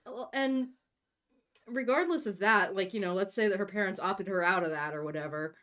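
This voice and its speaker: Sarcastic young woman co-host. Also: moderate pace. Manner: animated, sarcastic, jumps in pitch when joking. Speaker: podcast co-host reading a book aloud. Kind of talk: casual chat and mocking read-aloud.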